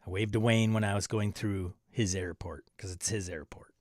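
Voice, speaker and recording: Guy hosting a tabletop rpg stream, reading chat out loud and joking, dry close sound. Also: lowish voice, steady tone, normal speed, no room sound. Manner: chatty, reads viewer comments aloud and jokes around. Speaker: livestream host reading chat. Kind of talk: casual chat.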